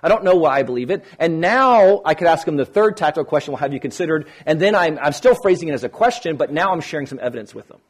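Man, husky voice, fairly high pitch, informal teaching talk, conversational, acts out dialogue. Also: expressive, fast, hardly any pauses. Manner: conversational, restarts often, acts out quoted dialogue. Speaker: Christian apologetics speaker.

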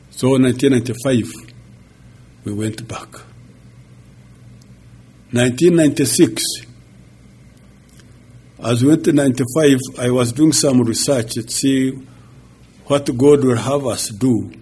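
A man in his sixties, a pastor giving a halting, chuckling personal testimony. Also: medium pitch, mellow, breathy edge. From Uganda. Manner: slow, halting storytelling with chuckles.

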